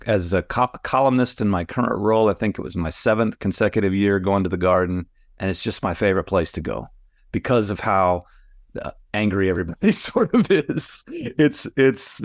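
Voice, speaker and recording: A man's voice: lowish voice, no room sound, studio quality. A man co-hosting a casual podcast as a sports columnist, joking wryly and laughing as he talks. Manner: joking, wry, laughs while talking.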